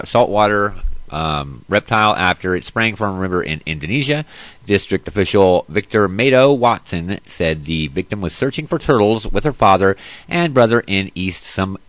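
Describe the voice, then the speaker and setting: Low-voiced man ranting bluntly. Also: animated, normal speed, fairly bright tone, clear, resonant tone, dry recording. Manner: reads news aloud then rants, profane and blunt. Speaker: host. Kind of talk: casual news commentary and ranting.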